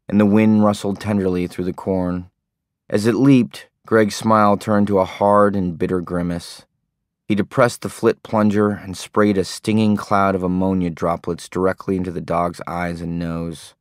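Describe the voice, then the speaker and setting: A man narrating an audiobook in a steady, understated way. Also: deep voice, dry recording, clean studio sound. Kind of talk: scripted narration.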